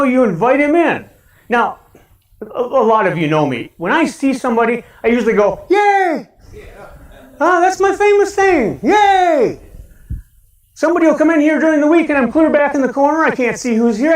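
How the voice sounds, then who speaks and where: Animated Midwestern pastor in an echoey church. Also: male voice, very high voice. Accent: Midwestern American. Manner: animated, shouts a cheerful greeting, talks to the congregation with questions. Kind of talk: lively sermon. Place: church sanctuary. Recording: roomy church sound from a distance.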